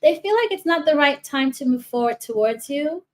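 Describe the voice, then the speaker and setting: A woman with a somewhat high voice reads tarot cards for her viewers in a loose, chatty way. She rambles, restarts her sentences and drifts into asides. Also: lively intonation, normal speed, low-quality recording. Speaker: tarot reader. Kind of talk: casual tarot reading for viewers.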